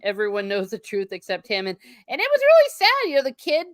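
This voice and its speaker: A woman's voice: a little high, huge pitch swings, fast talker, no echo, clean studio sound. A woman co-hosting a casual chat, rambling along with lots of fillers. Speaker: podcast co-host.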